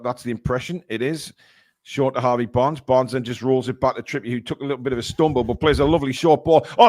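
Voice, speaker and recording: A man hosting live fan commentary of a football match, calling the play-by-play and bursting into shouts at big chances. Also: medium pitch.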